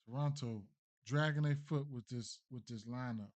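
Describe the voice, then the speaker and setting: A man's voice: medium pitch, normal speed, darkish tone. Man mumbling through betting picks. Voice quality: mumbling, thinking aloud with many fillers and restarts. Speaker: sports betting streamer. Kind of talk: casual live-stream commentary.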